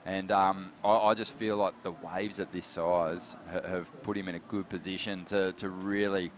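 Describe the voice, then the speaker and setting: A man with an Australian accent calling a surf contest, his voice sitting low and easy. He talks in a relaxed, matey way, with a faint hiss of outdoor noise behind him. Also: normal speed. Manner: relaxed and chatty, calls people mate. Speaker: surf commentator. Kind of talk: live sports commentary.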